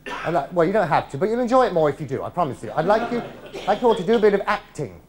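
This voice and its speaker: A man's voice: high-pitched, big pitch swings, very fast, crowd noise. A man performing a one-man comedy show on a theatre stage, chatting with and teasing his audience through a clip-on mic. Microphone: clip-on body mic.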